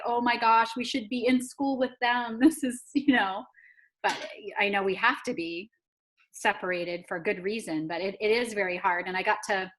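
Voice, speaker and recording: A woman at a middle pitch speaking on a video call with colleagues. She tells a story in an easy conversational way and voices the quoted lines as she goes. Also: a bit bright. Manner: storytelling, acting out quoted speech. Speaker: school staff member. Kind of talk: casual video-call chat.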